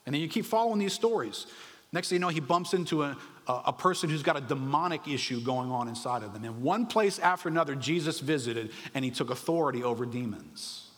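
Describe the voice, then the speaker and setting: A man preaching a sermon in an animated, conversational way, often asking the audience rhetorical questions. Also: mid-range voice, quick pace, long reverb tail. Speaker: pastor.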